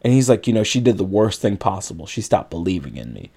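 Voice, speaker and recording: A man's voice: low voice, sing-song, quick pace, warm tone, breathy edge. A man co-hosting a podcast, casually retelling a film's plot in a rambling way with lots of filler words. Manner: rambling retelling with many likes and you-knows. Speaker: podcast co-host. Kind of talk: casual movie recap.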